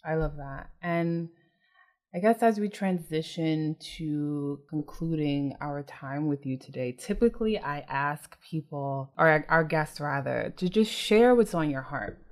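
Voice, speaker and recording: A woman's voice: deep voice, a little slow. A woman hosting a podcast, who sets up her questions to the guest thoughtfully and carefully. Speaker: podcast host. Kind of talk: interview host.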